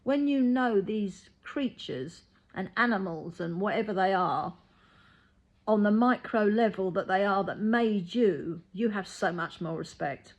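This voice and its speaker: A woman's voice: mid-range voice, measured pace, highs cut off. Blunt, matter-of-fact woman healer. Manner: blunt, matter-of-fact, acts out quoted voices. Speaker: reiki healer. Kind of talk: casual spoken monologue.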